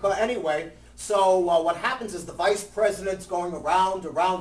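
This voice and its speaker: A man's voice: high voice, normal speed, hardly any pauses. A man telling a story to a live group in a casual, jokey way, acting out voices. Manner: lively, jokey, acts out voices and shouts. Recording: echoey room, mic at a distance.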